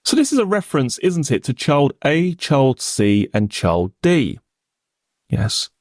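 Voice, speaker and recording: Male prosecutor for a courtroom reenactment: formal, probing, lively pitch, dry close sound. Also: a little slow, no room sound. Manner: formal, probing, pointed questions. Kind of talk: courtroom cross-examination reenactment.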